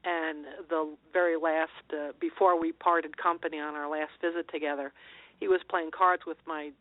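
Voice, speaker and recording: A woman's voice: low-pitched, flat delivery, moderate pace, no echo. A middle-aged woman, a guest on a call-in interview, telling personal stories in an earnest, meandering way. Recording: tinny phone line, dry.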